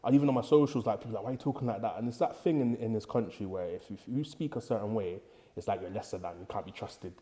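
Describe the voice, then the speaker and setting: Quick-paced and fairly low, his warm voice carries a Bristol accent. The young English prison officer, a guest on a podcast, chats casually and tells stories in street slang while playing out the people he quotes.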